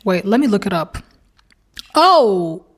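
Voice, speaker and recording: A woman's voice: mid-range voice, slow pace. A woman hosting a reaction video, ranting bluntly and heatedly as she comments on online posts, swearing freely. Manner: animated, emphatic rants.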